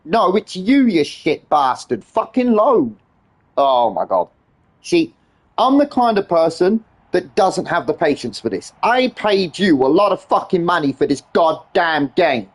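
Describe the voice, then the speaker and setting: A man's voice: sits high, very animated, measured pace. A man ranting and swearing nonstop as he streams a game. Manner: exasperated ranting, heavy swearing. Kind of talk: livestream gaming commentary.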